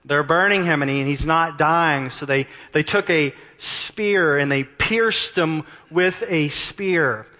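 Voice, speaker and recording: A man preaching a sermon as pastor, impassioned and climbing to near-shouts at his peaks. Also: a little high, takes it slowly, hardly any pauses. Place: church sanctuary. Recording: long hall reverb.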